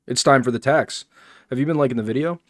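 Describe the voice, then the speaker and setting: A man's voice: medium pitch, quick pace, no echo, clean studio sound. A man streaming live, making offhand, rambling asides while reacting to a podcast. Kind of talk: casual live-stream commentary.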